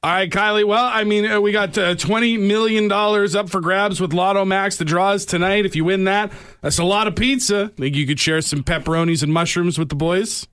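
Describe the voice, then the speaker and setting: A man co-hosting a morning radio show, joking and firing off quick quips. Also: high-pitched, a bit bright, clean tone, no echo. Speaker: radio co-host. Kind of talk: casual morning radio banter.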